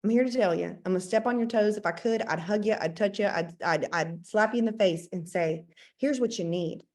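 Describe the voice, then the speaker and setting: A woman's voice: medium pitch, fairly quick, darkish tone. A woman in her thirties giving a motivational talk about business habits, emphatic and repetitive with playful asides. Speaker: network marketing team leader.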